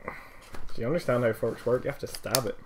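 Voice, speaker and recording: A man's voice: medium pitch, fairly even intonation, brisk, a little hiss or hum. A young man, teasing his friend with sarcastic remarks while they play. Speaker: co-host gamer. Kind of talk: casual let's play banter.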